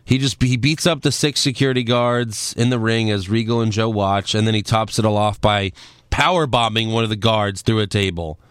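A man's voice: on the low side, moderate pace, a bit bright, clean tone, no room sound. A man co-hosting a casual podcast, recapping events in a laid-back way with dry jokes. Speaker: podcast co-host recapping wrestling. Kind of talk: casual chat.

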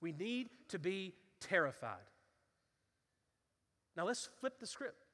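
A man's voice: high voice, sing-song, slow pace, pushed and bright. A man preaching a sermon, telling the story with acted-out voices and building to fervent intensity. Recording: reverberant hall.

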